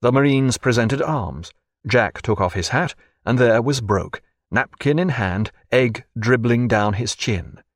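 A man reading a historical sea novel aloud as narrator, with an expressive storytelling delivery. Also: medium pitch, measured pace, no echo, clean studio sound. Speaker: audiobook narrator. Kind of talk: scripted narration.

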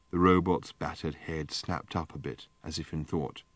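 A man narrating an audiobook in a measured, dry storytelling manner. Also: a bass voice, steady tone, dry recording. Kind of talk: scripted narration.

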